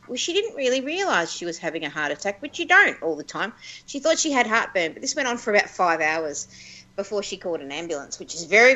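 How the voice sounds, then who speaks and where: A woman's voice: medium pitch, sharp tone, low-quality recording. A woman with an Australian accent, co-hosting a radio show and telling a story in a chatty, wry way. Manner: chatty, wry, self-deprecating. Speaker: radio co-host.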